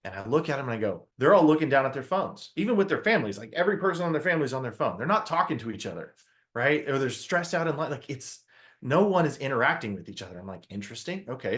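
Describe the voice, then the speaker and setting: A man giving a motivational talk to an audience, telling a story with lively acted-out quotes and questions to the crowd. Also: mid-range voice, fast. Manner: animated storyteller, acts out his own quotes, asks the audience questions. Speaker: motivational speaker.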